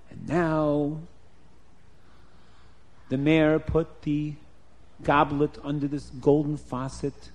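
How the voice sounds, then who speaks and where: A man telling a folk story to children, animated and repetitive, with sound effects. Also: on the high side.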